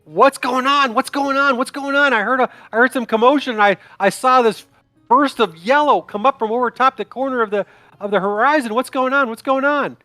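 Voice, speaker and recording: A man's voice: very high-pitched, brisk, bright, forceful tone, dry recording, soft background music, pitched above the performer's own voice. A man voicing a panicky, easily frightened young noble boy in a tabletop game, firing off frantic repeated questions. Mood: panicked.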